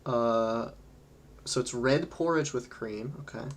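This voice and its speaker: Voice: medium pitch, slow, slight background noise. A livestream host chatting casually while playing a game, rambling between topics and laughing often. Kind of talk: casual gaming livestream chat.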